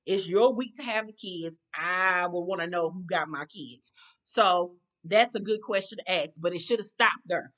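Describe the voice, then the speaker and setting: A woman's voice: on the low side, normal speed, a bit bright. A woman giving a blunt, profane, casual recap of a reality TV episode, talking like an exasperated friend. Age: adult.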